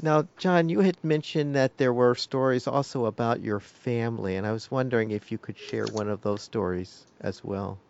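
Gravelly-voiced male interviewer. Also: medium pitch, moderate pace, hardly any pauses, a little mellow, highs cut off, a little hiss or hum. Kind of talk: casual interview.

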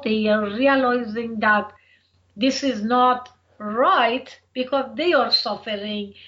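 A middle-aged woman from Iran with a thick Persian accent, speaking slowly and earnestly as an interview guest. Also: fairly high pitch, a bit bright. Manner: slow, thoughtful and earnest. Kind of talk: personal interview. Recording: dull lo-fi recording.

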